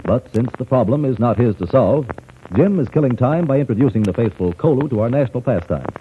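A man narrates a 1940s radio adventure as its announcer. His read is dramatic, with lively rises and falls in pitch. The broadcast sounds tinny, with faint hiss. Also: brisk. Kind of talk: scripted narration.

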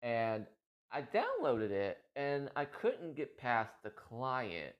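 Male game vlogger, mid-pitched, loose rambling chat, slightly muffled recording. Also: huge pitch swings, takes it slowly. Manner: rambling, repeats himself, laughs easily. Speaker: gaming content creator. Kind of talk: casual chat about a game.

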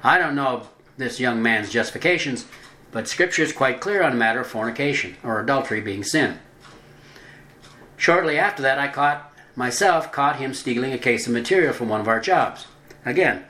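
Male religious narrator, mid-pitched, measured reading with stretched emphasis, echoey room. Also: lively intonation, pushed and bright. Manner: deliberate, drawing out stressed words. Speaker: religious teacher. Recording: roomy echo.

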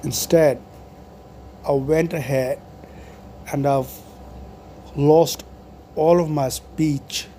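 A man's voice: a little high, fairly even intonation, extremely slow, pauses often, warm tone, slight background noise. A man in his forties, talking to camera in a meandering monologue full of fillers and restarts. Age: 40s. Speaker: video blogger.

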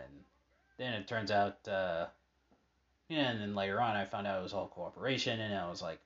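A man's voice: fairly low pitch, fairly quick, a bit bright, muffled recording. A man casually chatting over old match footage, rambling with many fillers and asides. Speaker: fan commentating on old matches.

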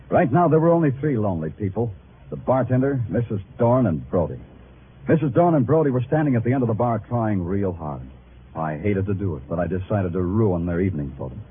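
A man playing a hard-boiled, wry detective who narrates his own case in 1940s radio acting. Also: lowish voice. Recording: tinny old radio broadcast with music.

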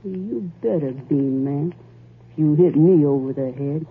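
A coarse, greedy young wife in an old radio play, drawling and goading in a husky voice. The broadcast sound is thin and tinny, like an old phone line. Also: female voice, deep voice, unhurried, full character voice. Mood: taunting. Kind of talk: 1940s radio acting.

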